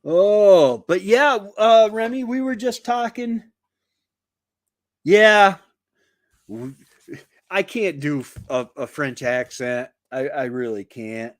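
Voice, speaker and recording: A man with a fairly high voice chats on a casual live stream, his pitch bouncing all over. He talks at an unhurried pace, rambling as he greets viewers by name. The sound is dry and close. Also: animated, dry recording.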